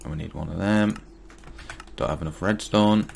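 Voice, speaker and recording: Deep gravelly man muttering through gameplay. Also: normal speed, darkish tone, slight background noise. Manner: muttering to himself, mildly exasperated. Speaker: gaming YouTuber. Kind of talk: casual Let's Play commentary.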